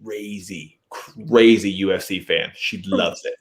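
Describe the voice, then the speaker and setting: A man's voice: low-pitched, slow. A man co-hosting a casual podcast, easygoing, often stopping the others to ask questions. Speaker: podcast co-host. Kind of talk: casual chat.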